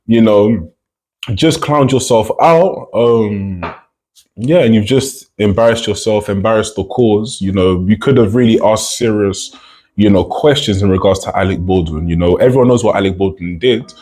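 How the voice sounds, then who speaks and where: Husky British commentary YouTuber. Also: male voice, fairly low pitch, normal speed, darkish tone. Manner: chatty, lots of "you know". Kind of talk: casual reaction commentary.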